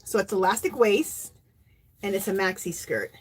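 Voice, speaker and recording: A woman hosting a crafting channel, talking in a chatty, rambling, excitable way as she shows off her makes. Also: mid-range voice, normal speed, husky. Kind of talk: casual show-and-tell chat.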